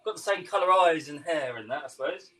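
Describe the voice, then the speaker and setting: Chatty English chef, slightly high voice. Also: male voice, animated, a little fast, fairly bright tone, faint music behind, rough recording. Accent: English, London-tinged. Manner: chatty, laughs often, answers viewer comments. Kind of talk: live cooking stream, chatting with viewers.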